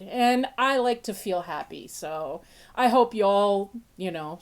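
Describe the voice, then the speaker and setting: Sniffly, playful woman with a high voice. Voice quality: sniffly nose. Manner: playful, laughs often, big pitch jumps when excited. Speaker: podcast host. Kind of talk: casual chat.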